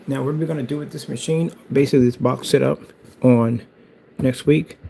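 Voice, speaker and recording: Male vlogger, gravelly, excitable and rambling, faint background noise. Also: medium pitch, a little fast, rough recording. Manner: hyped, rambling, self-promoting. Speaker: DIY builder. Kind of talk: casual build vlog.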